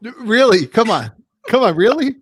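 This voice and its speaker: Man, excitable, self-mocking, animated pitch, podcast host. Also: normal speed, breathy edge. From Brooklyn. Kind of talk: casual podcast interview.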